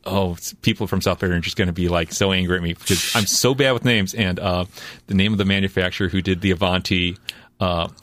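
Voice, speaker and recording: A man in his forties from Indiana, a guest talking casually in a studio and often pausing to hunt for words. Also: deep voice, steady tone, fairly bright tone, slight background noise. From Indiana, USA. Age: 40s. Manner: hesitant, searching for words. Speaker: guest comic artist. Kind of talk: casual chat. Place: recording studio.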